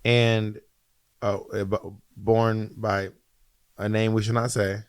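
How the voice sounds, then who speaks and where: A man's voice: lowish voice, little pitch movement, clear, resonant tone. Rambling man chatting on a podcast. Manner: rambling, halting, many fillers. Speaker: podcast co-host. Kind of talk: casual chat.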